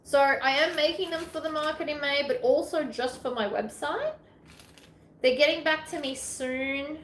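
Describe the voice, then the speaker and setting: A woman's voice: sits high, moderate pace, fairly bright tone. A woman with an Australian accent chatting casually through a sewing tutorial, rambling and self-deprecating with lots of asides. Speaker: sewing vlogger. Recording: echoey room with faint ambient noise.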